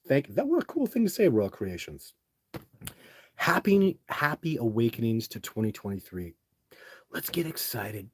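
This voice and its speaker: Rambling man with a husky low voice. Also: darkish tone, no room sound. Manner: rambling, with many restarts and fillers. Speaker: livestream host. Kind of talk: casual storytelling to a live chat.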